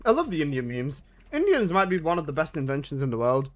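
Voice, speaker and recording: High-voiced excitable male game streamer. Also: fast. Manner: loose, excitable gamer talk with slang. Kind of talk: casual live-stream chat.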